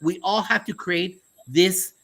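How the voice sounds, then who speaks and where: A man's voice: sits high, slow pace, sharp tone, husky. A man co-hosting an education talk show, speaking emphatically and dropping folksy sayings. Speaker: podcast co-host, school administrator. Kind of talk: casual conversational talk.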